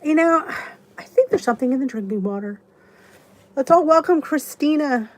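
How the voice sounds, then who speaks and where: A woman's voice: sits high, lively intonation, normal speed, darkish tone. A woman in her fifties hosting a casual live chat, answering viewers by name and rambling in a chatty way with many restarts. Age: 50s. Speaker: YouTube channel host.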